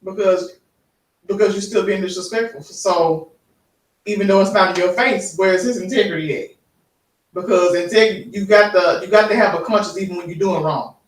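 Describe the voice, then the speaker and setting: Guy on the panel cutting in fast and firm, high voice, far from the mic. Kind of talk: casual panel debate. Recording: roomy sound, mic far off.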